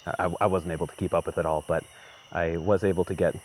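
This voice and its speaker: A man playing an anxious documentary maker who reports in a halting, nervous way. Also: low voice, level tone, slight background noise, close to an everyday voice. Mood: tense. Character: anxious male documentary maker inside a conspiracy.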